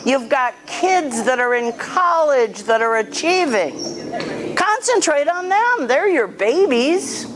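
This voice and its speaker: Woman dog trainer, firm and plain-spoken, unhurried delivery, noisy kennel recording. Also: high voice, sing-song. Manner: blunt, firm, commanding to the dog. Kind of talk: hands-on training session, coaching an owner.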